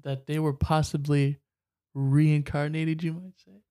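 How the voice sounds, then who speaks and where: A man's voice: on the high side, level tone, measured pace, dark tone, clean tone. A man co-hosting a casual podcast, telling a story and joking around with his co-host. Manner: joking, laughs often, mock Aussie "mate" asides.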